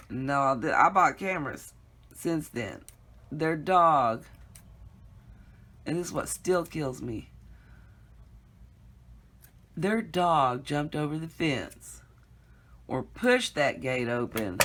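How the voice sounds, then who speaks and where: Chatty woman craft vlogger, bright, gravelly voice, rambling storyteller. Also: low-pitched, sing-song, slow, long pauses. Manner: chatty, rambling, laughs often, addresses viewers as y'all. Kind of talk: casual storytelling to viewers.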